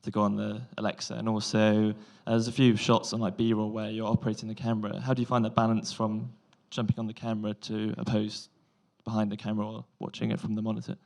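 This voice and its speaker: Male audience member, gravelly and low, with a polite, halting technical question. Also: completely flat delivery, a little mellow.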